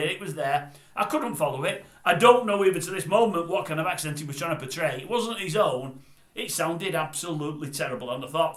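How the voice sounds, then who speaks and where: A man's voice: on the high side, fairly bright tone, roomy sound. An older man with a Northern English accent, ranting bluntly and scornfully to camera as a vlogger. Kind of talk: grumpy rant to camera.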